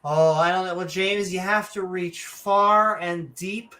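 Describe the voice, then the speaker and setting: A woman's voice: fairly low pitch, fairly even intonation, unhurried, a bit bright. A woman co-hosting a casual livestream chat, joking and sarcastic, with mock-announcer asides. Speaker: podcast co-host.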